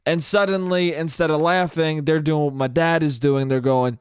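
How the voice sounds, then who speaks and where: A man's voice: on the high side, fairly even intonation, normal speed, few pauses, smooth, no room sound, studio quality. A man hosting a solo podcast, telling comic stories and acting out quoted voices, swearing casually. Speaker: podcast host. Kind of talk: solo comedic monologue.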